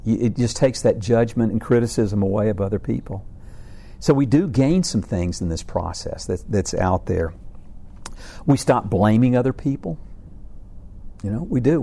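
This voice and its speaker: Middle-aged guy doing a faith talk, gravelly and mellow, keeps restarting his sentences. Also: medium pitch, moderate pace. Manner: earnest, rambling with many restarts and repeated words. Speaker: speaker on faith and family struggles.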